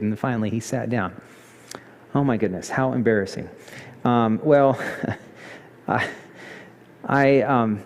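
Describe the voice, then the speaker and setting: A male pastor preaching a sermon, telling a story with lively emphasis and pitch jumps. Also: moderate pace. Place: church sanctuary. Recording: church hall reverb.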